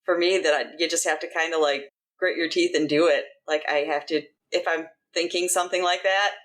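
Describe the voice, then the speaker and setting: A woman co-hosting a podcast, thinking aloud in casual chat with many pauses and fillers. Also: deep voice, fairly even intonation, fairly bright tone. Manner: thoughtful, rambling with fillers. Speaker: podcast co-host.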